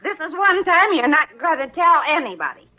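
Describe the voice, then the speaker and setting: A bossy, determined nurse. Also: female voice, high-pitched, big pitch swings, brisk. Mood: scolding. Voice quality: sharp, scolding, teasing. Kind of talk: 1940s radio acting. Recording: dull old radio broadcast recording.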